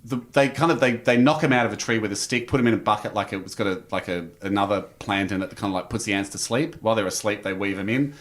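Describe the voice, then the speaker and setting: An Australian man telling a story as a podcast guest, lively, with big pitch jumps when he acts out quotes. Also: fast talker, hardly any pauses. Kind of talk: animated storytelling.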